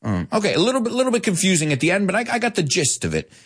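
Lively, animated male English teacher. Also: high voice, racing, slightly rough. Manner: animated, laughing, switching between English and Spanish to explain. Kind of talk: live lesson reading viewer comments.

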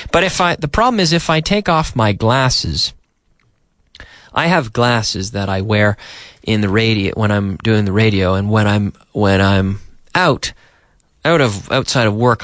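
A man with a fairly low, slightly bright voice gives an English lesson on a radio show, captured on a studio microphone with no echo. For the benefit of learners, he frequently repeats and rephrases himself.

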